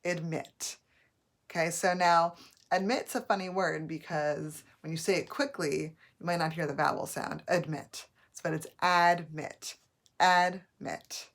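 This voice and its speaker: A woman teacher giving a patient phonics lesson, modeling each word slowly and clearly. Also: deep voice, fairly even intonation. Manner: slow, patient, drawn-out modeling of words.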